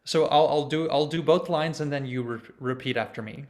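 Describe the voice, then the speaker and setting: Over a video call, a twenty-something conducting student talks conversationally with a choir about church music and leads them in chants. He speaks fairly quickly in a voice on the high side with a darkish tone.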